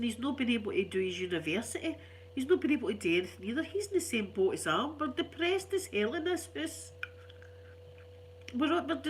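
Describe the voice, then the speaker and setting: A chatty Scottish woman in middle age, congested and unwell, talking with a fairly high voice. She tells stories in a lively, animated way. A faint hum sits behind her. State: ill, congested. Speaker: vlogger. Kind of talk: casual storytelling chat.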